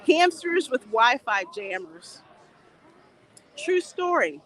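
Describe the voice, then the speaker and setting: Slow-paced and high-voiced with big pitch swings, a woman hosts a chatty livestream while walking through a theme park. She laughs often and reads viewer comments aloud, while a faint crowd and other faint outdoor noise can be heard behind her.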